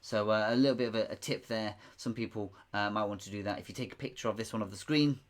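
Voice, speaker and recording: A man's voice: on the low side, fast. A man hosting a live online pub quiz, chatty and rambling, repeating himself and chuckling often. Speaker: quiz host.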